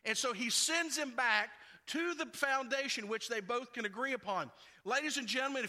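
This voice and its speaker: Male pastor, high and very bright voice, chatty sermon delivery with playful asides. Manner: conversational preaching with playful asides.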